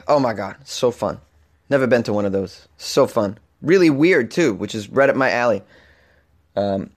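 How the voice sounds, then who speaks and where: Slightly hoarse podcast host. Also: male voice, fairly low pitch. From Boston, Massachusetts. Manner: rambling and animated, with frequent restarts and laughs. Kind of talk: casual comedic podcast monologue.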